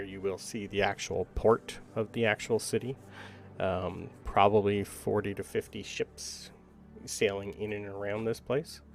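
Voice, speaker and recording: A man's voice: on the low side, vocal fry. A man running a tabletop game as game master, describing scenes casually with frequent ums.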